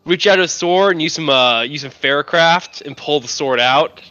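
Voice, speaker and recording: A man's voice: on the high side, normal speed, sharp tone, muffled recording. A man playing his character in a tabletop game on a live stream, loose and casually swearing. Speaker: player.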